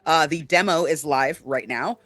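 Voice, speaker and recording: Bright-voiced man co-hosting a chat. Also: fairly high pitch, normal speed. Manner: earnest, many fillers, warm shout-outs. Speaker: co-host. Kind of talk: casual chat.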